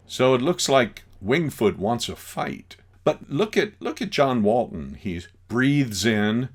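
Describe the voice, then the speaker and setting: Brief: male teacher lecturing, acts things out, unhurried delivery. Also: mid-range voice. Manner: animated, acts out scenes. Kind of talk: classroom lecture.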